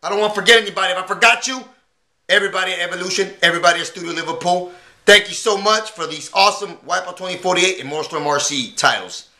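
A man hosting his own channel, delivering a loud, profane and emphatic promotional rant with repeated call-and-response lines. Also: high-pitched, fast. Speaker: channel host. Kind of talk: hyped promotional rant to camera.

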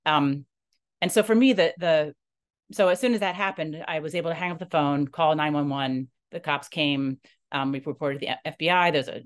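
Low-voiced woman recounting a personal ordeal. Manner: earnest, halting retelling that acts out quoted dialogue. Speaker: non-profit founder. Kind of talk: personal story told to camera.

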